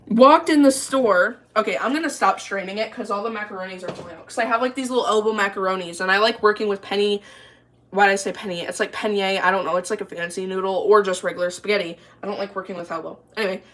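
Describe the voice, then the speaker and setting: Bright-voiced young woman rambling a story. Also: mid-range voice. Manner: rambling, lots of "like" and restarts. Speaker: vlogger. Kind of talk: casual storytime chat. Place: kitchen, cooking while talking.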